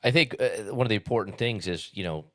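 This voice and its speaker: A man hosting an interview, speaking calmly and reflectively. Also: lowish voice, fast talker. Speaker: podcast host. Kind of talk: casual interview talk.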